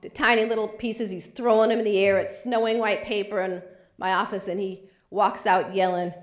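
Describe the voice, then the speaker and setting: A woman's voice: mid-range voice, level tone, moderate pace, roomy sound. A woman lawyer giving a lecture, telling a vivid personal story. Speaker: civil rights lawyer. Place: lecture hall.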